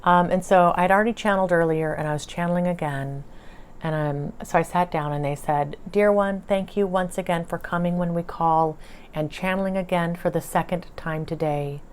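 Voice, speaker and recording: A woman with a somewhat low voice recounts a channeling session in casual spoken style. She drops to a soft, slow delivery when quoting her spirit guides. Her own replies come in excited bursts. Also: slight background noise.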